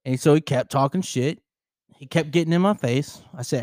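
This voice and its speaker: A man co-hosts a casual podcast on a close studio microphone, telling a story full of laughs and heavy swearing. His voice is a little high and brisk with a dark tone, and there's no echo.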